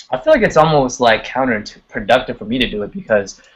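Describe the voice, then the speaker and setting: A man's voice: medium pitch, very animated, normal speed, slightly rough, rough recording. A man, a singer and guest, chatting casually on a live video call in a laid-back way, cursing now and then and often laughing. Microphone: computer on a video call.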